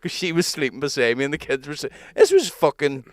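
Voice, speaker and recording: A man's voice: a little high, wildly swooping pitch, fast, no echo, clean studio sound. A man, co-hosting a casual podcast and telling stories through quoted voices. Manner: swearing, storytelling with quoted voices and laughs. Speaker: podcast co-host. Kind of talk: casual banter.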